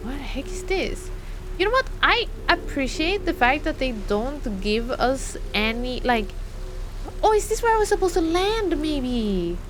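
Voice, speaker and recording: Very high-voiced young woman streaming. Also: very animated, unhurried, soft background music. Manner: chatty, thinks aloud and talks to chat. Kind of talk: live gameplay commentary.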